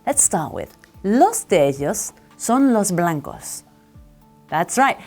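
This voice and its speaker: Woman, English teacher, lively pitch, unhurried, encouraging drills, faint music underneath. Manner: encouraging, drills words slowly and repeats them. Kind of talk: English lesson to camera.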